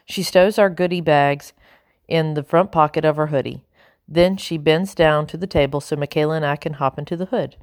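A woman narrating a children's storybook in a calm, even reading voice. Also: low-pitched, moderate pace, no echo, clean studio sound. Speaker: audiobook narrator.

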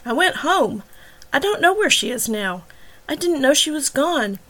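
A woman's voice: sits high, sing-song, unhurried, bright, forceful tone, pitched above the performer's own voice, heavily acted, rough recording. A woman reading the lines of a confused young man under suspicion, earnest and insisting he is innocent. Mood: flustered. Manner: flustered, insistent, pleading innocence.

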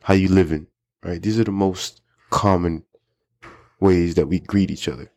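A man's voice: deep voice, fairly even intonation, a little slow, creaky, a little mellow, no echo, clean studio sound. A man hosting an English-learning podcast, chatting casually and repeating phrases for his listeners. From United States. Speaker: podcast host teaching English. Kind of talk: casual teaching chat.

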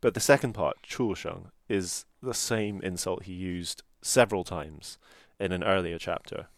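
A man's voice: low voice, a little slow, no echo. A man co-hosting a podcast, explaining a classic novel in a careful, explanatory way. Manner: explanatory, careful, pronounces Chinese terms. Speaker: podcast co-host. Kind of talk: casual book discussion.

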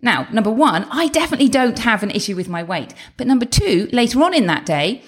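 A woman's voice: a little high, very animated. Chatty woman coaching. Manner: chatty and encouraging, with asides and quick self-corrections. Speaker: weight-loss coach. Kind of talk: direct-address coaching talk.

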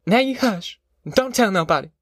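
A man's voice: sits high, expressive, normal speed, a bit bright, no room sound, clean studio sound, voice pushed up. A man voicing a weary, firm poor farm mother who gives urgent, commanding orders in rural folksy speech. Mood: worried.

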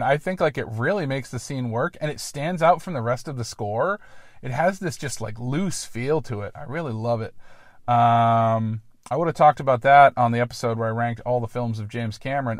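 A man's voice: medium pitch, no echo, studio quality. Rambling, self-deprecating male podcaster outdoors. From Columbus, Ohio. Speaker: podcast host. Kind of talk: rambling solo podcast monologue. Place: outdoors in a local park.

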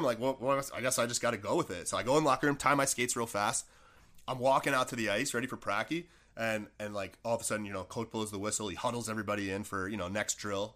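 Bright, fast-talking man telling a story. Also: mid-range voice. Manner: rambling, animated, many "like" fillers. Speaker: former pro hockey player, now coach. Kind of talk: casual podcast storytelling.

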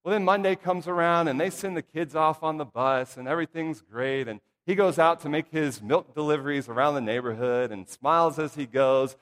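A middle-aged preacher with a slightly high voice tells humorous church stories from the pulpit. His folksy, playful asides ring out through a long reverb of a church hall. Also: fairly quick, hardly any pauses, a bit bright. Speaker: pastor or church minister. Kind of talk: casual storytelling sermon. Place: church sanctuary.

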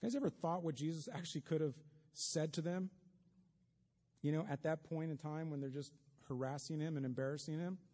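A man's voice: on the high side, fairly even intonation, brisk, dark tone. A man preaching a sermon, talking conversationally to the congregation with wry asides, in a church sanctuary. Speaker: pastor. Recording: long reverb of a large hall.

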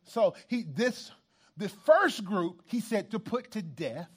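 Male pastor, high voice, animated church sermon with congregation asides. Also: takes it slowly, breathy edge. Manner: animated, emphatic preaching with repetitions and asides to the congregation.

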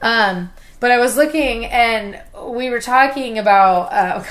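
A woman's voice: a little high, a little slow. A woman in her forties co-hosting a podcast, telling rambling stories in casual chat and laughing often. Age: 40s. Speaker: podcast co-host.

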